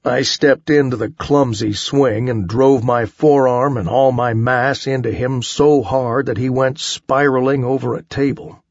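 A man reading a first-person action novel aloud in a dry, wry, steady storytelling manner. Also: medium pitch, measured pace, few pauses, no room sound, dull audio. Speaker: audiobook narrator. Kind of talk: first-person audiobook narration.

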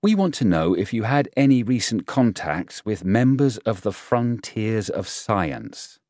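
A man's voice: fairly low pitch, big pitch swings, a little slow, a little mellow, no echo, studio quality, voice pushed up. A man voicing a polite, eager young police officer in an audiobook reading.

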